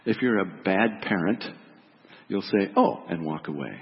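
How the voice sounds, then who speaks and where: Low-voiced man preaching in a reverberant hall. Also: lively intonation, normal speed. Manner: reflective, gentle, drops soft on key words. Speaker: pastor. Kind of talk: sermon. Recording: dull reverberant hall recording.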